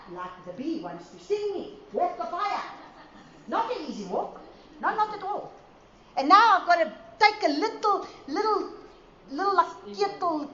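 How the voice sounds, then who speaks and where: A woman preaching at a conference, lively and storytelling, with acted asides. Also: extremely high pitch, slight background noise. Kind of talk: conference sermon. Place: conference hall. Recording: roomy hall sound, dull audio.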